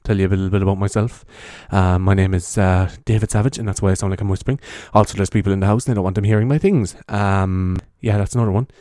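Wandering his bedroom with a handheld microphone, an Irish podcaster chats in a meandering, half-whispered ASMR way, swearing freely in a soft, hushed delivery. His voice is low and fairly even, fast with hardly any pauses, and the sound is clean studio quality with no room sound.

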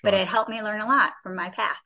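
A woman in her forties, a guest telling her story in a casual interview, chatty and quick to laugh. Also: medium pitch, fairly even intonation, creaky, bright, forceful tone. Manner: chatty, laughs often, acts out quoted people.

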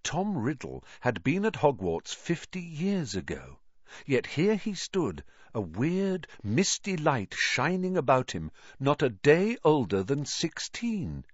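A man's voice: on the high side, huge pitch swings, slow, slightly rough, no room sound, muffled recording. A man narrating a fantasy storybook expressively and dramatically. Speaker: audiobook reader.

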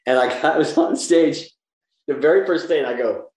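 An older man from the American South, a guest actor, telling animated stories in a casual interview and acting out the lines he quotes. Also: fairly high pitch, brisk, reverberant, low-quality recording. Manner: animated storyteller, acts out quotes in lively voices.

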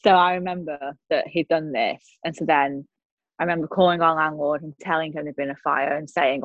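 A woman's voice: sits low, fairly even intonation, a little fast, no room sound. A young woman telling a story in casual chat, acting out every quote with animation. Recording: dull, dry recording.

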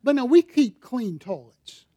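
Conversational preaching man, dark high voice. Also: lively intonation, a little slow. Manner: conversational preaching with audience questions and props. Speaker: pastor. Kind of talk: sermon. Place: church sanctuary.

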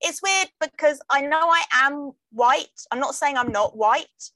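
A middle-aged English woman, a comedian, talking in a wry, jokey way with quick asides in casual conversation. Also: high-pitched, bright, forceful tone, no echo, poor audio. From England. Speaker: comedian guest. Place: London.

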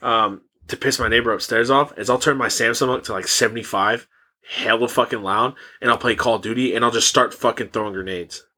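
A young man, a podcast guest, chatting casually and swearing while he tells animated stories. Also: mid-range voice, fairly quick. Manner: profane, animated storyteller who acts out quotes. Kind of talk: casual chat.

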